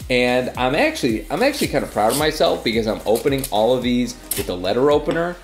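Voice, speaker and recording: A young man vlogging about his fan mail with a stuffy nose from a cold, gushing with excitement. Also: medium pitch, fast talker, reverberant, soft background music. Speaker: YouTuber. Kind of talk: casual vlog reading fan mail.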